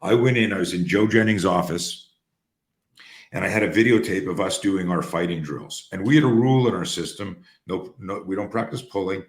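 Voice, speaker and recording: Deep-voiced man telling animated stories. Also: fairly quick, roomy sound. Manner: animated, profane storyteller acting out dialogue. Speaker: host and coach. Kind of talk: conversational storytelling on a call. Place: room on an online call.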